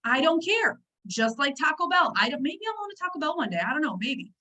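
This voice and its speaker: A high-pitched woman leads a motivational team training over a video call. She talks in a chatty, animated way and keeps breaking off into asides to her listeners. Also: fairly quick, low-quality recording. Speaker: network marketing team trainer.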